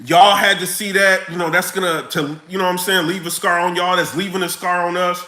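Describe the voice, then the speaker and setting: A man ranting casually to camera in his vlog, animated, full of slang and laughing often. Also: sits high, quick pace, reverberant, low-quality recording. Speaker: vlogger.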